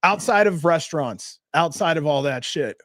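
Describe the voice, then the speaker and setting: A man hosts a relaxed interview, asking casual questions and laughing easily. His voice sits a little above the usual male pitch, and the recording is close and dry. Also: normal speed, dry recording. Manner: relaxed, laughs often, asks loose questions. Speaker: interviewer, host.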